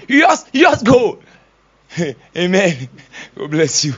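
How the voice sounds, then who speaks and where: A man preaching, his pitch high and swinging widely as he acts out little dialogues. He laughs often and shifts between soft asides and bursts of energy. The recording is somewhat dull and lo-fi. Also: sing-song, measured pace. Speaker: pastor. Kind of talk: sermon. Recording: dull lo-fi sound.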